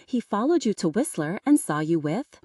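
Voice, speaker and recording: A woman voicing a calm, reassuring male police detective in a scripted audiobook reading. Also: mid-range voice, normal speed, breathy edge, no echo, studio quality, recorded from a distance.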